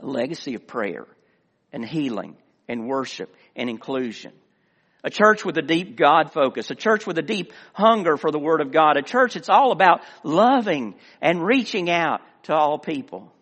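A man's voice: a little high, lively intonation, moderate pace. Earnest preacher man in a reverberant hall. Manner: earnest preaching, swelling emphasis and quiet asides. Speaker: director of missions, former pastor. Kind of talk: sermon.

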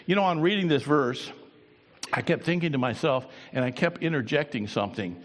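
A man preaches in a sanctuary, his slightly high voice rising and falling in lively swings. He lingers softly on some lines and calls out others. A long reverb trails every phrase. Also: a little fast. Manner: animated preaching, swinging from quiet to loud. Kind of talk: sermon.

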